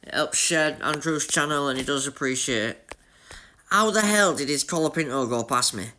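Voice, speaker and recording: Excitable Yorkshire man streaming races. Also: fairly high pitch, moderate pace. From Leeds, Yorkshire, England. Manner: excitable, chatty, talks to chat. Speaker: gaming streamer. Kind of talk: live gameplay commentary.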